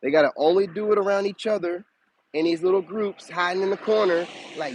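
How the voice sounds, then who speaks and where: Animated preachy man, higher voice. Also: a little fast, slight background noise, low-quality recording. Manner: animated, preachy, swoops up high for emphasis. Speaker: spiritual advice streamer. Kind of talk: casual live-stream monologue.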